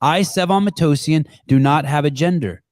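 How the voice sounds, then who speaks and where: A man's voice: on the high side, normal speed, a little mellow, no room sound, studio quality. A man hosting a podcast over a call, talking bluntly and crudely, joking in a casual chat. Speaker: podcast host.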